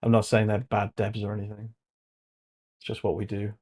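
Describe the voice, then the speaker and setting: A man chatting casually on his own livestream, cracking jokes and laughing at them himself. His voice sits slightly low and the talk is loose and unscripted. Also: completely flat delivery, moderate pace, darkish tone. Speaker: channel host.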